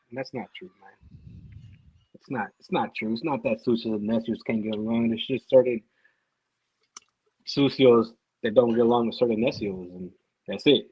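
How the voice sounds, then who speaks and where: Husky-voiced man rambling profanely. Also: medium pitch, no echo, lo-fi sound. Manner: rambling, profane, repeats himself. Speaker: podcast guest. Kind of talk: casual podcast chat.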